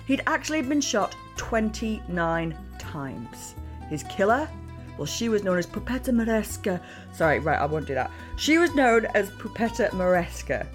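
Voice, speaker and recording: Playful woman podcast host. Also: fairly low pitch. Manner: playful, animated storytelling. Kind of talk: chatty podcast narration.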